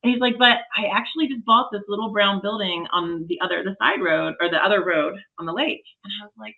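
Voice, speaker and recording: Woman, forties, enthusiastic storyteller, gravelly, dull lo-fi sound. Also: medium pitch, a little fast, bright, forceful tone. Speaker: podcast guest. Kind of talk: casual chat.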